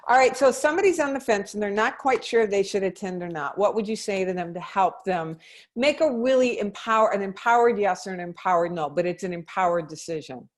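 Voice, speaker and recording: A woman's voice: medium pitch, animated, fairly quick. Encouraging woman interviewer. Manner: encouraging, asks long questions. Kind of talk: casual interview chat.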